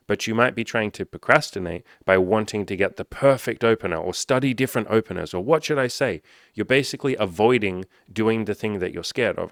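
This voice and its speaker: With a lowish, gravelly, somewhat bright voice, a man answers viewers' comments in a casual advice video about dating. His style is blunt and laced with swearing, and the studio recording has no echo.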